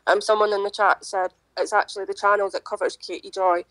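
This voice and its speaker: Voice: mid-range voice, little pitch movement, fast talker, fairly bright tone, no echo. Hesitant, apologetic livestream co-host. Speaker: channel co-host. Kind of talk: casual group livestream chat.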